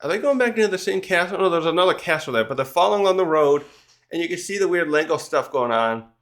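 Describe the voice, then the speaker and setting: A man's voice: fairly high pitch, animated, fast talker, a bit bright. A man casually recapping a manga chapter in a rambling, chatty way, with frequent restarts and small laughs.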